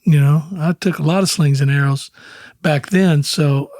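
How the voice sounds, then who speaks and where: A man's voice: fairly high pitch, steady tone, normal speed, darkish tone. A man in his sixties, a country singer as interview guest, telling long rambling anecdotes full of quoted dialogue and easy chuckles. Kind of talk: casual storytelling in an interview.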